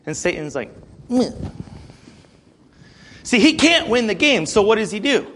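A man preaching a sermon, animated, swinging between quiet and loud delivery. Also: fairly high pitch.

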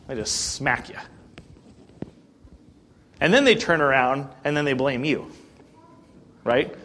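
A male pastor giving a conversational sermon, plain-spoken, asking the congregation rhetorical questions and often clearing his throat. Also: mid-range voice, fairly bright tone, a little hiss or hum.

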